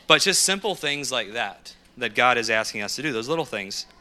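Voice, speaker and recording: A man speaking from a podium as a missionary, telling lively anecdotes and acting out what people said. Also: mid-range voice, a little fast. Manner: lively anecdotal storyteller who acts out quotes. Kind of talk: storytelling sermon.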